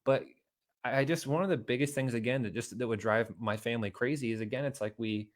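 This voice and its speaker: A man's voice: medium pitch, quick pace. A middle-aged man giving a motivational talk to his viewers, earnest and repetitive, rising to emphatic outbursts. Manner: earnest, repeats himself, builds to emphatic outbursts. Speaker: motivational video host.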